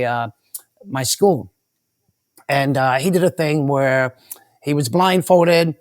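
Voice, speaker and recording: Interview guest, male, somewhat high voice, dry close sound, rambling storyteller with restarts. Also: dry recording. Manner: rambling, restarts and repeats words. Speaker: guest mentalist.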